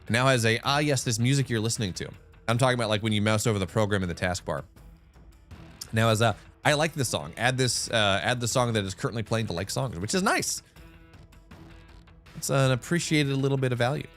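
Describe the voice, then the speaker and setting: Male esports caster on stream, mid-pitched, lively and chatty, faint music underneath. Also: a little fast. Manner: animated, chatty, rambling asides. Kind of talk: live-streamed esports commentary.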